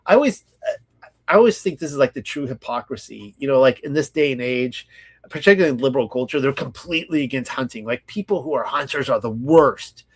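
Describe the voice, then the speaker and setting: A man in the middle of his range hosts a scripture study, reading the text out deliberately and then breaking into relaxed, rambling commentary. He grew up in California and talks with plenty of fillers and self-corrections. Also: medium pitch, husky. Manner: reads slowly, then chats loosely with many fillers. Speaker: Bible study host.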